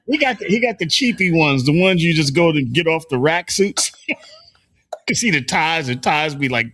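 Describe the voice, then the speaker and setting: A man's voice: fairly high pitch, lively intonation, normal speed, a bit bright, a little hiss or hum. A man hosting a morning talk show, telling loose, profane stories and laughing often. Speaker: show host. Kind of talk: casual morning show banter.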